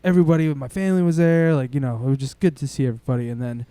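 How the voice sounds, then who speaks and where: A young man, co-hosting a podcast and telling a long story in a rambling, excitable way, swearing often. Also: medium pitch, rapid-fire, clear, resonant tone, no room sound. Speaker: podcast co-host. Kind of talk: casual storytelling chat.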